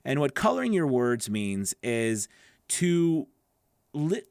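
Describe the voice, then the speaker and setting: A man coaching voice actors, explaining in an animated way with a wide-ranging pitch, speeding up and getting louder to make a point. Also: slow pace, vocal fry, clear, resonant tone, no echo, studio quality. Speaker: voice acting coach. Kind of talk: instructional talk to camera.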